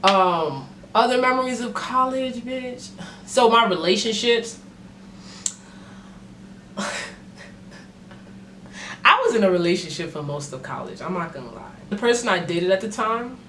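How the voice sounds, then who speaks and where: A young adult woman vlogger telling a casual story time, animated and full of slang and swearing. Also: mid-range voice, measured pace, pauses often, slight background noise. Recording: roomy echo.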